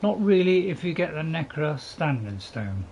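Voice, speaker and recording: Speaking at a moderate pace in a fairly high, sing-song voice that is creaky and a little mellow, a man rambles casually while streaming a game, often interrupting himself. The recording is muffled and backed by constant cricket and insect noise.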